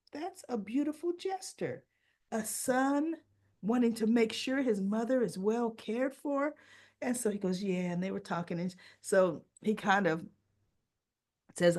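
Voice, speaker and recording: A woman hosting a soap opera recap, casually retelling scenes and acting out the characters' lines in changing voices. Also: medium pitch. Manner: animated storytelling, acts out characters' lines with shifting voices.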